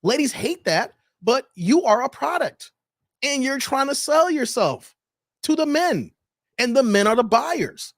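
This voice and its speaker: A man's voice: extremely high pitch, a little slow, no room sound, studio quality. A man hosting a reaction channel, giving preachy dating commentary and acting out the people he quotes. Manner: animated, preachy, acts out quoted voices.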